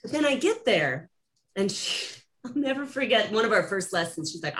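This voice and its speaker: A woman's voice: mid-range voice, sing-song, moderate pace, fairly bright tone. A woman hosting a podcast, telling stories casually, laughing often and acting out the voices she quotes. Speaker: podcast host. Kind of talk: casual conversational storytelling.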